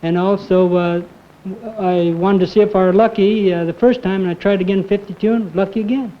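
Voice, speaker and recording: A man in his thirties, a quiz show contestant answering modestly and haltingly with frequent pauses. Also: sits high, steady tone. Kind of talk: conversational interview answers. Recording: muffled 1950s TV audio.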